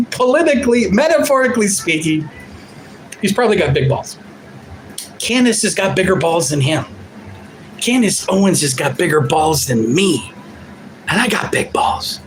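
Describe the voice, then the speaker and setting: Loud, profane man in his fifties. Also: high-pitched, a little hiss or hum, rough recording. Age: 50s. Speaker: livestream commentator. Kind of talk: unscripted ranting livestream.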